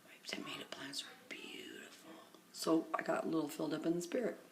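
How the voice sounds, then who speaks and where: A tired middle-aged woman films a vlog on her phone camera, telling a long, rambling story about everyday life. Her voice is deep, creaky, and sing-song, she talks briskly, and she often slips into a hushed half-whisper.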